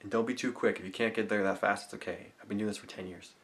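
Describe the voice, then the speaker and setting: A man talking to camera, walking viewers through a visualization technique, murmuring affirmations softly and explaining in eager, rambling bursts. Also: fairly low pitch, steady tone, quick pace, a little hiss or hum. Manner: drops to soft, murmured affirmations, laughing often. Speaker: self-help vlogger. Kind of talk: guided visualization demonstration to camera. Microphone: camera mic.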